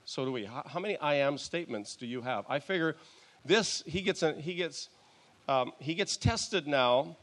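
A male pastor preaching a sermon in a church, in a conversational, halting way with restarts and soft chuckles. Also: fairly high pitch, lively intonation.

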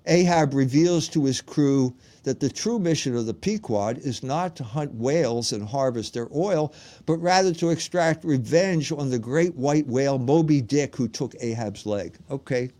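A man's voice: mid-range voice, moderate pace, mellow. A man hosting a livestream, delivering an emphatic monologue full of rhetorical questions that he answers himself. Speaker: host and lecturer.

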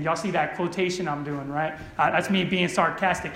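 High-voiced pastor preaching in an echoey church. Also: male voice, fairly even intonation, normal speed, few pauses. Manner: emphatic, checks in with listeners often; swings from loud urgency to low, soft earnestness. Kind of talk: sermon. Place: church sanctuary.

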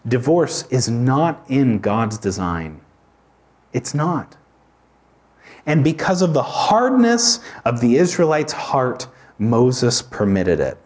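Male pastor, expressive sermon delivery, conversational, mid-pitched voice. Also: takes it slowly. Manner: conversational preaching with informal asides. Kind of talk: expository sermon.

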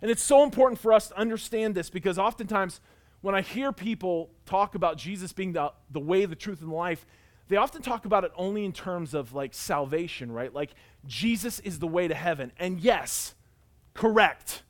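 A male pastor tells a personal story in his sermon, earnest as he climbs to loud emphasis and sinks into quiet intensity. His voice is high and expressive, at a moderate pace.

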